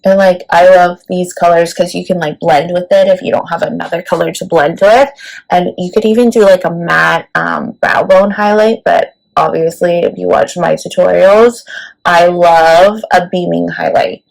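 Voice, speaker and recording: A woman's voice: on the low side, steady tone, normal speed, rough recording. A woman beauty vlogger talking casually through a makeup tutorial, chatty and full of "like" and "let me tell you". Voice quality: creaky.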